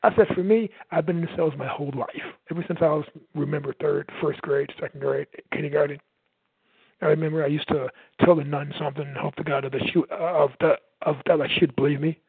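Loud, energetic man on a tinny line. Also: on the high side, fairly quick, vocal fry, husky, dry recording. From United States. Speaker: sales coach and podcast host. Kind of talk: motivational talk. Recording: tinny phone-like line, dry.

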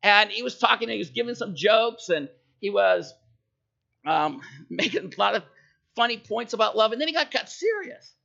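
A man's voice: high voice, very animated, moderate pace, creaky, sharp tone, lo-fi sound. A man preaching a sermon in a conversational way, telling jokes and stories and checking in with his listeners. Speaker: pastor.

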